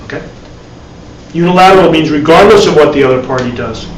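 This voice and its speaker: A man's voice: a little high, expressive, fairly quick. A man teaching a live spiritual class, talking conversationally with repeated words and wry asides. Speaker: meditation teacher. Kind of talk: live dharma class talk. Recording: echoey room, distant mic, faint hiss.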